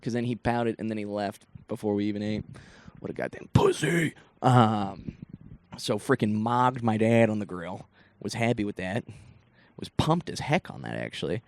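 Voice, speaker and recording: Animated young man telling stories. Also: lowish voice, moderate pace. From Northeast Ohio. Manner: animated rambling storytelling, lots of swearing and asides. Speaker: comedian and podcast host. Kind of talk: casual solo podcast storytelling.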